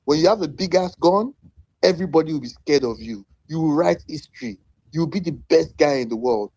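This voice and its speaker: A man's voice: a little high, animated, a little fast, a little mellow, no echo. A man with a Nigerian accent in a heated online debate, lecturing with profanity and mocking his opponents in sing-song quotes.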